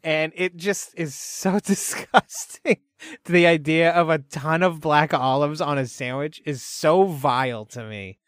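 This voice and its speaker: A man's voice: a little high, measured pace, clean tone, dry recording, clean studio sound. A man co-hosting a casual podcast, chatting loosely with plenty of fillers and frequent laughs. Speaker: podcast co-host. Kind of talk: casual chat.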